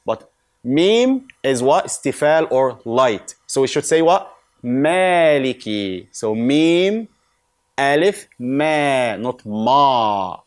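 A man teaching correct Quran recitation. He stretches out model words slowly, then explains quickly and asks questions that he answers himself. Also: mid-range voice, sing-song. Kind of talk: recitation lesson.

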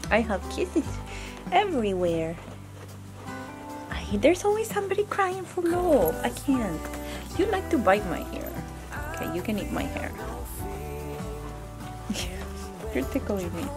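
Middle-aged woman, slow, mellow affectionate baby talk to goats, lively pitch swings. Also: over music, poor audio. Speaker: homesteader vlogger. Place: goat pen on a farm.

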